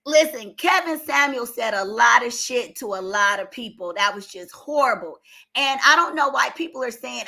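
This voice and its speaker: Here the commentary vlogger's voice sits on the high side, animated and sharp, with vocal fry and a moderate pace. Emphatic and exasperated, the older woman strains her voice and builds to outbursts as she gives her opinions.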